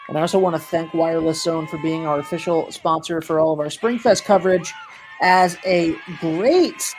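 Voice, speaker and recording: A man calling a live high school softball game, chatty and jokey, weaving in sponsor reads and getting loud on big plays. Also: steady tone, quick pace, soft background music, a faint crowd. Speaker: play-by-play announcer.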